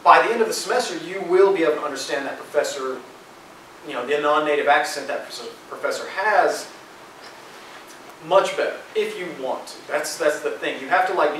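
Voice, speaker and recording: A man's voice: fairly high pitch, a bit bright, a little hiss or hum. Young man presenting in an echoey hall. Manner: informal, many fillers. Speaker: student presenter. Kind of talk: classroom presentation. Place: lecture room. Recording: echoey lecture hall, distant mic.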